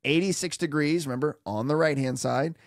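A man teaching an HVAC lesson in an animated, playful way, with theatrical asides and sung sound effects. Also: on the high side, fairly quick, dry recording, studio quality. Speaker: HVAC instructor. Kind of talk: animated technical tutorial.

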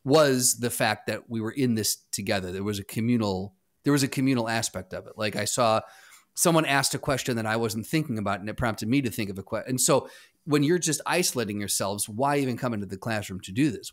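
A man co-hosting a podcast, giving reasoned opinions in a casual, measured way with frequent restarts. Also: on the low side. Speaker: podcast co-host. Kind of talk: casual chat.

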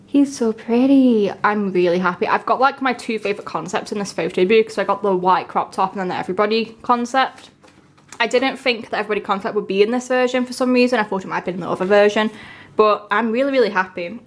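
A young woman, chatting casually and gushing with excitement as she unboxes albums. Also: mid-range voice, fast talker. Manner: gushing, excitable, breaks into gasps and soft whispers.

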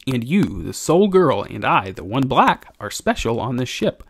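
A man reading an audiobook, voicing a gentle, soft-spoken old male ship's cook who turns hushed and urgent. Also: big pitch swings, normal speed, breathy edge, no echo, clean studio sound. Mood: gentle, coaxing. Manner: soft-spoken, grows to low hushed urging.

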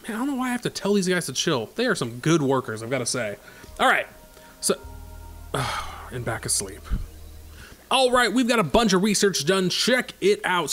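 Lively upbeat man narrating gameplay. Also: on the high side. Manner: thinking aloud, chatty, many fillers. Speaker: let's play host. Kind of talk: casual gameplay commentary.

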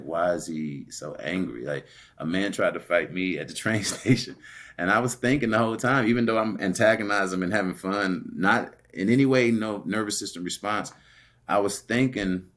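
Male guest, very deep voice, conversational storyteller, lively retelling. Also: moderate pace. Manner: animated, laughing while retelling dialogue.

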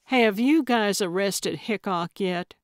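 A woman's voice: mid-range voice, no room sound, studio quality, lightly acted. A woman reading as a cheeky elderly lady sleuth. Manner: quick-witted, cheeky, indignant.

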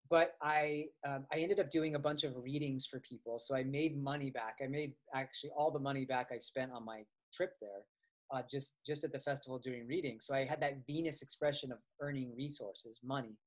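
A man teaching astrology in a casual, conversational way, with frequent fillers and restarts as he tells personal stories. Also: mid-range voice. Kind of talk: casual explanatory lecture.

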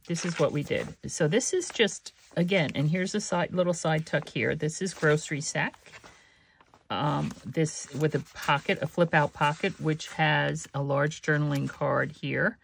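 A woman hosting a crafting channel, chatting casually and meandering through a journal flip-through with soft laughs and many fillers. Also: deep voice, steady tone, unhurried, vocal fry, a little hiss or hum.

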